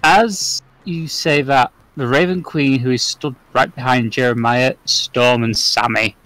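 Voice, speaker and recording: A man narrating as the game master of a tabletop game, describing the scene in a measured way. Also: mid-range voice, steady tone, a bit bright, no echo, poor audio.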